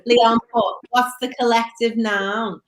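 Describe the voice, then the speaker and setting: A woman co-hosting a casual chat show, asking guests questions and chiming in with quick agreement. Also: fairly high pitch, steady tone. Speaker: co-host.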